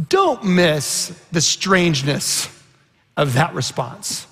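A man's voice: on the high side, animated, slow pace, gravelly, fairly bright tone, slightly rough, in a large hall. A man preaching a sermon, telling a scripture story earnestly and quoting its dialogue with rising intensity. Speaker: pastor.

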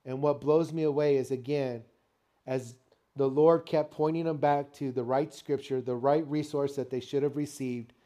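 Warm-voiced preaching grandfather. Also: medium pitch, normal speed. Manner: animated storytelling preacher with call-and-response. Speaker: pastor. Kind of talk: sermon.

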